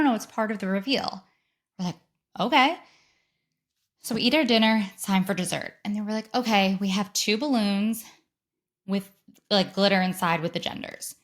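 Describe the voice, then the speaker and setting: Woman in her 30s, solo podcast host, animated gushing storyteller, voices her quotes. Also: mid-range voice.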